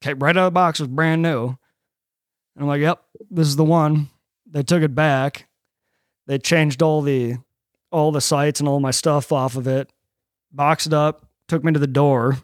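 Profane storytelling man, fairly high voice. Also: moderate pace, long pauses, dry recording, clean studio sound. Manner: profane, animated storyteller acting out quotes. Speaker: podcast host. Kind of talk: casual podcast chat, storytelling.

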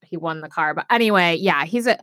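A woman co-hosting a podcast, recapping a reality show in casual chat, talking fast and loose with lots of fillers and swearing. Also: fairly low pitch, fairly bright tone, no echo, clean studio sound. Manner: chatty, swears, many "like" fillers.

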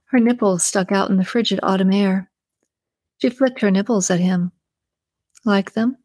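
A woman narrating a novel in a steady, even storytelling voice at a middle pitch. She sits close to the mic, and the sound is dry, with no room around it. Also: normal speed, no room sound. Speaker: audiobook narrator. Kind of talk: scripted narration.

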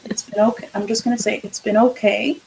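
A woman's voice: medium pitch, level tone, fast talker, creaky, darkish tone, a little hiss or hum, poor audio. A woman co-hosting a casual podcast chat, speaking candidly and swearing freely as she tells stories and acts out quotes. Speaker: podcast co-host.

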